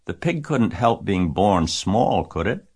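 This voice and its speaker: A man's voice: lowish voice, sing-song, slow pace, a little mellow, husky, pitched above the performer's own voice, heavily acted. A man reading aloud and voicing a passionate, tearful eight-year-old farm girl who pleads and shrieks. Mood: pleading.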